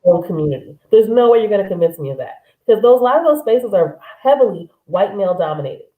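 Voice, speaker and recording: A woman's voice: medium pitch, lively intonation, fast talker, reverberant, narrow, tinny audio. A woman co-hosting a casual livestream discussion, speaking bluntly and emphatically. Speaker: podcast co-host.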